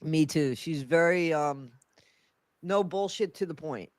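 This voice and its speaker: A man with a high, stuffy, congested voice hosts a casual livestream. He speaks haltingly and keeps restarting sentences, and the sound is dry and close.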